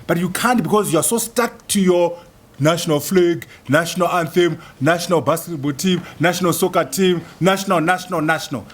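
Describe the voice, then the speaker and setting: This is a man delivering a public lecture at a university. His voice sits a little high for a man, and he drives his points with emphatic, repeated phrases and long rhetorical lists. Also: moderate pace. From Zimbabwe. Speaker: guest lecturer. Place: lecture hall.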